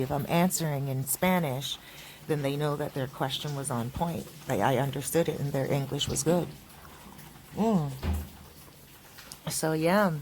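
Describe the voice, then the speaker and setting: A woman's voice: sits low, a little mellow, slight background noise, low-quality recording. A woman from Canada chatting casually in a street vlog, rambling with lots of fillers and restarts. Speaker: vlogger. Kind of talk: casual walking vlog chat. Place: outdoors on a street.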